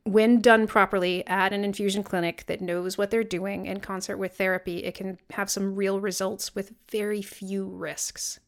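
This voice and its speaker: A woman's voice: medium pitch, level tone, normal speed, hardly any pauses. A woman co-hosting a podcast, talking earnestly and casually with frequent fillers. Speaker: podcast co-host. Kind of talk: casual chat.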